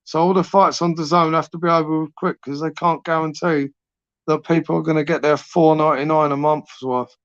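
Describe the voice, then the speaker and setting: A man's voice: fairly high pitch, flat delivery, brisk, a bit bright, no echo. A man in his forties hosting a late-night live stream, rambling through chat with sweary, matey banter. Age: 40s. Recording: dry, dull lo-fi stream audio.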